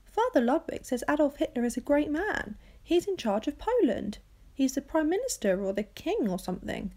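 A woman's voice: high voice, sing-song, normal speed, dark tone, pitched above the performer's own voice. A woman doing a naive, puzzled young boy. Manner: puzzled, earnest.

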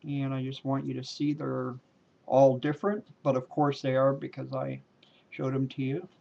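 Doing a card trick for the camera, a man speaks casually in a gravelly mid-range voice with fairly even intonation, joking and drawing out emphatic words. The footage is a dull, lo-fi home video with slight background noise.

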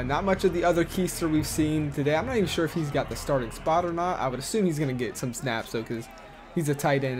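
A man hosting a gaming channel, giving casual play-by-play commentary over a football video game, talking quickly with fillers and restarts. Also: on the high side. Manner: quick play-by-play with filler words and self-corrections.

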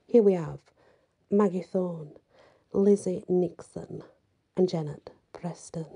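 A woman reads a story aloud in a soft narrating manner. Her voice is very dark and mellow, with a husky, breathy quality. Some passages fall to a whisper. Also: lowish voice, measured pace. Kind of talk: storybook reading.

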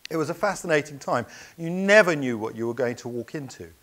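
Male speaker, storytelling keynote, earnest, anecdotal, halting fillers. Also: a little high, animated, fairly bright tone.

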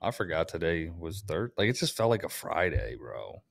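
Low-voiced American man telling shop stories. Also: sing-song, moderate pace, vocal fry, dry recording, clean studio sound. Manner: storytelling, swears freely. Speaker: podcast co-host, HVAC technician. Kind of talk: casual chat.

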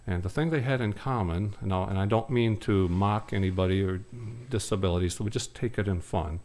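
A man from Michigan doing wry, rambling comedic stage patter between songs, with many hesitant pauses. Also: deep voice, a little mellow. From Michigan, USA. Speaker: singer-comedian. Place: live stage before an audience.

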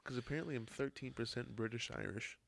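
A young man, a podcast guest, bantering in a profane, teasing and animated way late at night. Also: mid-range voice, quick pace, creaky, no echo. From United States.

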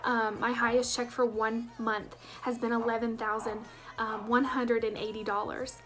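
A woman's voice: fairly high pitch, level tone, moderate pace, over music. A woman, telling her story as a sales director with enthusiastic emphasis. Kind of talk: personal testimonial.

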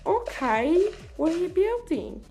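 Teen boy doing a talking pet dog, wary and questioning, high voice, faint music behind. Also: sing-song, takes it slowly, warm tone, full character voice. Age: teens. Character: curious suspicious pet dog, talking back.

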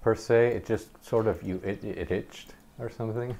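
Deep-voiced man telling a story. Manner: animated, laughs between sentences; halting, many restarts. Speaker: gameplay commentator. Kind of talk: casual storytelling over gameplay.

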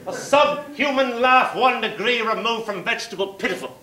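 A man's voice: extremely high pitch, moderate pace, bright, forceful tone, pitched above the performer's own voice. A man on a comedy club stage playing a pompous theatrical snob with a put-on grand accent, declaiming into a handheld mic. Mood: scornful. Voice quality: haughty, declamatory. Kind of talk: stand-up character bit. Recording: echoey club with crowd noise.

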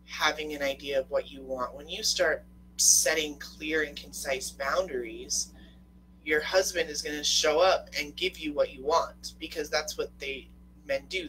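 A woman's voice: low voice, fairly even intonation, moderate pace, a bit bright, slight background noise, rough recording. A young woman coach talking casually on a live stream, chatty and emphatic and swearing freely.

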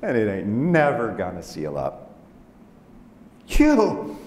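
Guy doing a high proud sheep-shepherd, declaring stuff, echoey hall. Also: wildly swooping pitch, takes it slowly, a little mellow, heavily acted. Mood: triumphant. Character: bold sheep, revealed as a shepherd man.

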